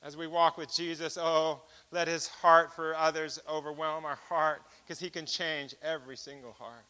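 A man preaching a personal testimony as an animated storyteller who acts out each exchange of dialogue. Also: on the high side, moderate pace. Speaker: speaker giving a testimony.

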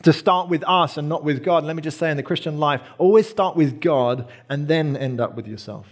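A man's voice: a little high, a little fast. A man in his thirties preaching a sermon as pastor, earnest and emphatic, repeating key phrases.

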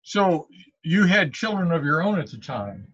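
A man's voice: fairly high pitch, very animated, normal speed, fairly bright tone. A man hosting an interview over a video call, easygoing and chatty, laughing along. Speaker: host. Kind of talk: casual interview conversation. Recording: dull dry video-call audio.

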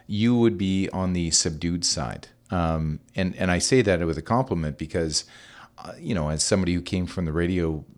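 Deep-voiced middle-aged podcast host. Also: male voice, normal speed. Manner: rambling, friendly, lots of hesitations. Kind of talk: casual interview.

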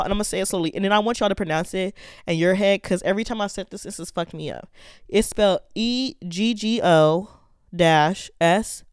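A speaker giving a blunt, sassy, profane restaurant review in a casual monologue, spelling out menu names slowly. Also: medium pitch, clean tone, dry recording, studio quality.

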